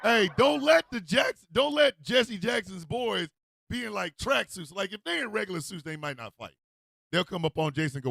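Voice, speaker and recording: A male host rants comedically on his radio show, loud and animated. His voice sits high and gravelly. The sound is close and dry. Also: normal speed, no echo. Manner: animated, loud, laughs often, acts out street calls. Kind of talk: comedic commentary rant.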